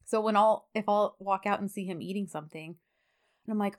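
A woman in her thirties co-hosting a podcast, chatting casually and telling stories with lively quoted asides. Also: mid-range voice, moderate pace, pauses often. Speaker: podcast co-host. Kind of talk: casual chat recapping a TV drama.

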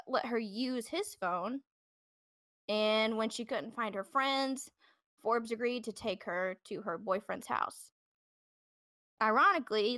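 On a podcast, a female host tells a true-crime tale casually, with lots of filler words and false starts. Her voice sits on the high side and sounds fairly bright. It's recorded on a podcast microphone with clean studio quality and no echo.

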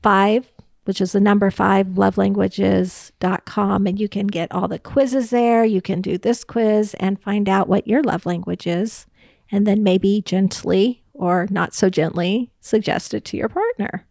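A woman's voice: mid-range voice, fairly even intonation, a little slow, creaky, darkish tone, no echo. A woman co-hosting a podcast, explaining in a thoughtful, careful casual conversation. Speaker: podcast co-host.

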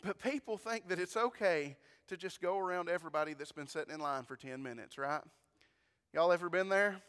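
A pastor preaching in a folksy, storytelling way, speaking right to his congregation. His voice is fairly high and clear. A long church reverb trails behind him. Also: fairly quick, fairly bright tone. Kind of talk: sermon.

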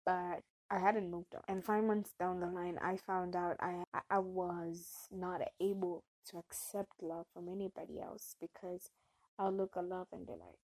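Expressive young woman sharing faith talk. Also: fairly low pitch, unhurried, rough recording. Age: young adult. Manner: animated, expressive storytelling with swings in loudness. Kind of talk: casual faith-based talk to camera.

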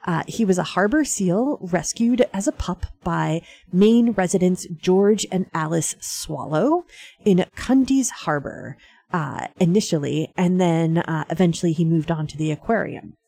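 Dark, gravelly-voiced woman radio host. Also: fairly low pitch, expressive, unhurried. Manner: chatty, frequent fillers and laughs. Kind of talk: casual radio talk.

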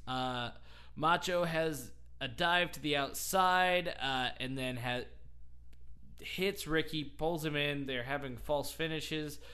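A man's voice: medium pitch, bright, forceful tone. A man on a podcast telling a wrestling story in casual chat, rambling and laughing often. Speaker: podcast host.

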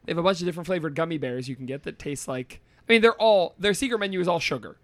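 A man's voice: on the high side, animated, rapid-fire, dry recording. A man hosting a podcast, upbeat and playful, leading the segments and laughing often. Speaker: podcast host. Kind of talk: casual podcast chat.

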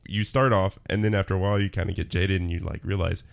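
A man's voice: deep voice, steady tone, quick pace, gravelly. A man co-hosting a podcast in a casual, rambling chat, full of fillers. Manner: laid-back, rambling with fillers. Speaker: podcast co-host.

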